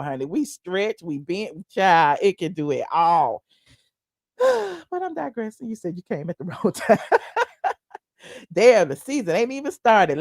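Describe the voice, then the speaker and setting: A woman hosting a casual livestream, chatting to viewers in a sassy, animated, digressive way. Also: medium pitch, dry recording, studio quality. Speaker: livestream commentary host. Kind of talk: casual commentary reading viewer chat.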